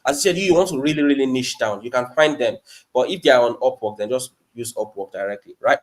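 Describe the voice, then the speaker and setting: A man's voice: mid-range voice, quick pace. A man from Nigeria with a Nigerian accent, a guest speaker teaching in a casual, chatty live-stream talk, full of rhetorical questions.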